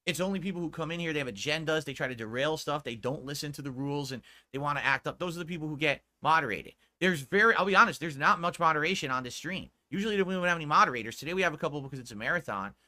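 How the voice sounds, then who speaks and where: Blunt, laid-back male streamer, bright tone. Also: animated, very fast, hardly any pauses. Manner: laid back, talking lower than usual; blunt and profane when scolding chat. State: sore throat. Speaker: live streamer. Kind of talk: casual stream talk to chat.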